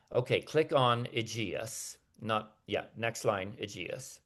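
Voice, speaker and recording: A man's voice: lowish voice, takes it slowly, hardly any pauses, a bit bright. A man giving an academic lecture over a video call, talking hesitantly with many fillers and restarts.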